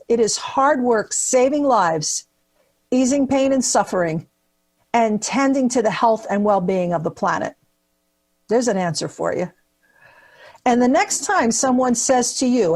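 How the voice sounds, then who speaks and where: A woman's voice: a little high, a little mellow. A woman from New Jersey, a nurse, giving a prepared speech at an awards event with punchy comic asides, recorded on a webcam. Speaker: keynote speaker at nursing awards.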